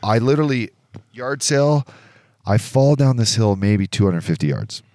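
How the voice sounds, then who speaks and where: A man co-hosting a casual podcast, telling a story in an animated way, swearing and acting out the voices of other people. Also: medium pitch, moderate pace, no echo, studio quality. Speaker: podcast co-host.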